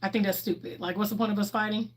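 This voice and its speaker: A woman's voice: medium pitch, steady tone, fast, breathy edge. A young woman with a Southern US accent, originally from Ohio, chatting casually on a livestream in a sassy, bubbly, outspoken way. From Ohio, raised in the US South. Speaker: livestream host.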